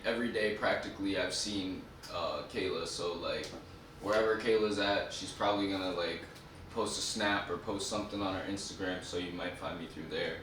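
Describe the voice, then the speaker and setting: A man's voice: on the low side, fairly bright tone. A man co-hosting a podcast, laid-back and slangy, telling a story about a friend. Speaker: podcast co-host. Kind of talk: casual chat. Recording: very echoey room, distant mic, noise.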